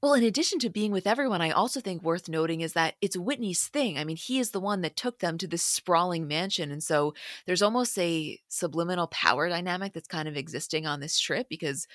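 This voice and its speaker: A woman's voice: on the low side, expressive, brisk, fairly bright tone, no room sound, studio quality. A woman co-hosting a podcast, casually and analytically talking through a reality show, thinking aloud with fillers. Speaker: podcast co-host.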